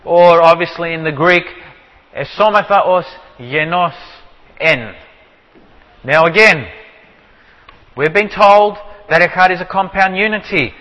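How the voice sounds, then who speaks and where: A man teaching from the Bible in sermon style, asking his listeners rhetorical questions and slowing down to stress key phrases. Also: high voice, fairly even intonation, pushed and bright, muffled recording. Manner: asks the audience many rhetorical questions. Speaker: preacher teaching on scripture. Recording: long hall reverb.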